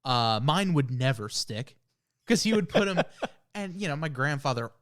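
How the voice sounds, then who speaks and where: A man's voice: fairly high pitch, lively intonation, normal speed, a bit bright. A young man co-hosting a podcast, chatting casually and rambling through family anecdotes. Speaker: podcast co-host. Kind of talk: casual chat.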